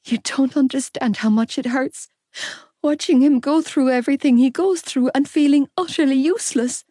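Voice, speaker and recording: Lady doing a crying young woman in an audiobook, high, pleading, dry close sound. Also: moderate pace, dark tone, no echo, lightly acted. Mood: anguished. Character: heartbroken young woman, fierce and loyal.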